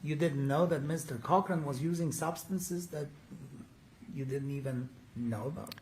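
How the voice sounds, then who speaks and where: Man, slightly high voice, defense lawyer grilling a witness in court with pointed, leading questions. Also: a little slow, a little mellow, slight background noise. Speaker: defense attorney. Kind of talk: courtroom cross-examination.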